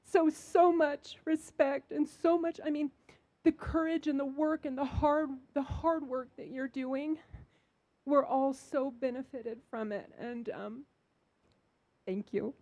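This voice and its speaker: Audience vendor, female, warm higher voice, earnest and emotional. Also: steady tone, takes it slowly, dull audio. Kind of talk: heartfelt public comment.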